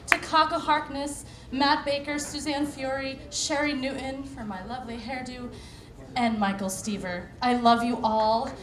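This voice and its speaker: Female cabaret singer, high-ish voice, effusive award speech, echoey hall recording with noise. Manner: effusive, grateful, emotional, long list of thanks. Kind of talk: acceptance speech. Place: on stage at an award show.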